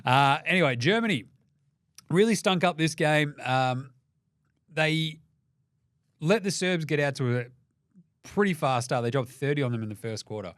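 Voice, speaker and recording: A man with an Australian accent hosting a basketball show, ranting sarcastically and swearing, dropping to mutters and then flaring into loud outbursts. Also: a little high, expressive, normal speed, long pauses, dry recording, clean studio sound. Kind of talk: profane sports commentary rant.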